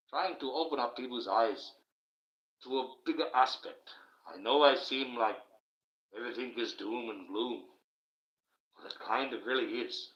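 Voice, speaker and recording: A man's voice: lowish voice, a bit bright. A man hosting a live stream from home at night, giving a rambling, emphatic monologue and thanking viewers in his chat. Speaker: livestream host. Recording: roomy, dull lo-fi stream audio.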